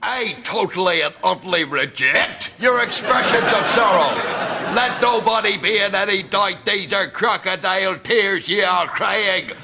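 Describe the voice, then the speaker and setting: A man's voice: sits high, a little slow, very noisy, voice pushed up. A man putting on a fiery older preacher-politician, bellowing a denunciation in oratorical style. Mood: denouncing. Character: fiery older male Northern Irish preacher-politician, thundering.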